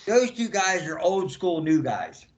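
High-voiced older man telling stories. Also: a little slow. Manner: animated storyteller acting out quotes. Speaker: guest, former wrestler. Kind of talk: casual storytelling interview.

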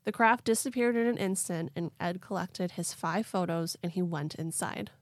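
A woman's voice: on the low side, normal speed, no echo, clean studio sound. A woman hosting a podcast, telling a story in a chatty, playful way with lots of fillers. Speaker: podcast host. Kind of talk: casual storytelling chat.

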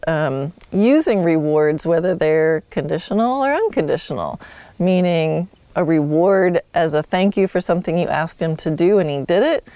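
A woman's voice: fairly low pitch, warm tone, clear, resonant tone, no room sound. A woman teaching horsemanship in a friendly, easygoing way. She laughs often and acts out how a horse might reply. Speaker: horsemanship instructor. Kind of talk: teaching an online course lesson.

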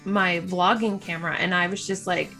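A woman co-hosting a podcast, gushing and animated as she tells stories in casual chat. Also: lowish voice, moderate pace, faint music behind. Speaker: podcast co-host.

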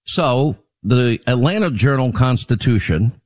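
A man's voice: mid-range voice, lively intonation, a little mellow. Wry male radio talk host. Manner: wry, teasing, quick asides. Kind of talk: casual on-air banter. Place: on location for a town hall broadcast.

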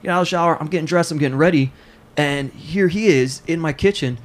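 A man hosting a podcast, telling a long funny story in a lively way and laughing as he goes. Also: on the high side, fast. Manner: animated, laughing while telling stories. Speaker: podcast host. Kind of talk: casual storytelling.

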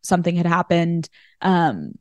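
Appearing as a podcast guest, a woman tells stories in a casual interview, leaning heavily on "like" and acting out the conversations she quotes. Her voice sits fairly low with big pitch swings, and she speaks a little slowly with no room sound.

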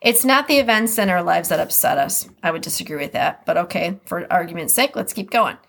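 A woman's voice: lowish voice, expressive, fairly quick, gravelly, a bit bright. A woman with a Midwestern American accent talks through a solo podcast episode in a loose, conversational way. She reads short passages aloud, then stops to react to them and reflect in her own words. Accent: Upper Midwest American. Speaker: podcast host. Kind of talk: casual podcast monologue.

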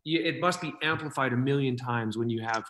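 A man's voice: medium pitch, a little fast. A man hosting a casual interview podcast, earnest and encouraging as he talks openly about feelings. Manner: warm-hearted, encouraging, earnest. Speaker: podcast host.

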